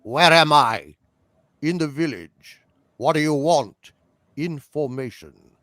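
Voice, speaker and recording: A clipped, deliberate British voice trades terse lines like an old television spy drama, as a man puts it on. The delivery is slow and measured, a little lower than his usual voice. The sound is dry and close. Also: a bit bright, dry recording. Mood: tense. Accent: British English impression. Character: British spy and his cold interrogator, middle-aged men.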